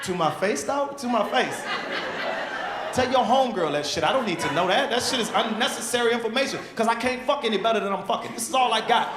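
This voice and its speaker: A stand-up comedian in his thirties delivers an energetic set of profane, animated stories from a comedy club stage. He speaks fast in an extremely high pitch, and the recording carries heavy room echo and a loud crowd.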